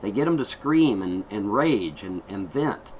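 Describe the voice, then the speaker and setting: A man's voice: on the low side, lively intonation, unhurried, a little hiss or hum, low-quality recording. A middle-aged man vlogging an aggrieved, heated rant, swearing and repeating himself as he airs his complaints. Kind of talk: angry vlog rant.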